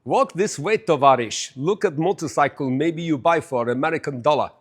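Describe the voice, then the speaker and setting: A man's voice: a little high, moderate pace, slightly rough. A man voicing a hammy male bike salesman in a put-on Russian accent and broken English. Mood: mock salesy.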